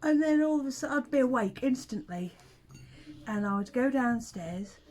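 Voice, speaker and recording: With a fairly high, animated and slightly mellow voice, this middle-aged woman speaks at a moderate pace. She's a vlogger and mom sharing family anecdotes in a relaxed conversation, often laughing and drifting into whispers. The recording is rough.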